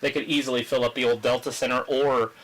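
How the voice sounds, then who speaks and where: A man hosting a casual live wrestling watch-along, chatting, joking and reading viewer comments aloud while his voice grows hoarse. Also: medium pitch, level tone, fast talker, a bit bright, rough recording. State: losing his voice. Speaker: livestream host.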